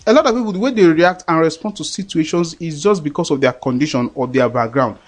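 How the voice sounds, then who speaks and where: A man's voice: on the high side, fast. A man preaching a sermon in an earnest, repetitive way, often checking that listeners understand.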